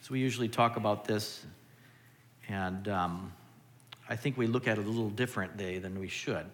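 A man's voice: medium pitch, fast, fairly bright tone. A man preaches in a loose, conversational way and keeps putting rhetorical questions to his listeners. His voice sits in an ordinary middle register, and a long reverb from a church hall trails behind each phrase. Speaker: pastor. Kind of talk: sermon.

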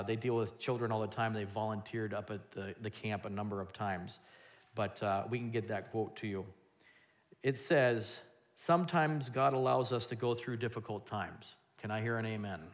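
A pastor preaching a sermon, shifting between loud emphatic lines and quiet asides, and acting out quoted voices in a raised voice. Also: male voice, lowish voice.

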